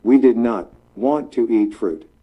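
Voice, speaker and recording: A man giving husky, lo-fi practice answers. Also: medium pitch, unhurried. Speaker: dialogue partner answering questions.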